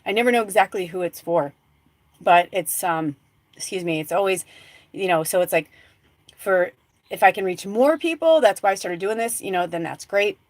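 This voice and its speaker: A woman hosts a live spiritual talk show, delivering a casual, rambling monologue full of fillers and restarts that swings from hushed, soft tones to excited exclamations. Her mid-range voice moves at a moderate pace, with no echo.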